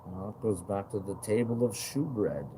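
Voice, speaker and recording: Low-voiced man ranting, profane. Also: moderate pace, noisy background. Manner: agitated and profane, with many fillers and repeated questions. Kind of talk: rambling monologue to viewers.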